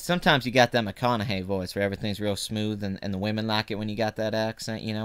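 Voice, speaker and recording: A man from the American South with a slight Louisiana accent, hosting a show in a rambling, animated casual chat and laughing easily. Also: on the low side, brisk, clean tone. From Southern United States. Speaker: box office show host. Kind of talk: casual live chat about movie box office.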